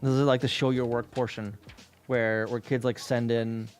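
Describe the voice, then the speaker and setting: A man's voice: mid-range voice, flat delivery, normal speed, faint music behind. A man streaming while scanning old workbooks, ranting about a utility bill in casual, heavily profane chat.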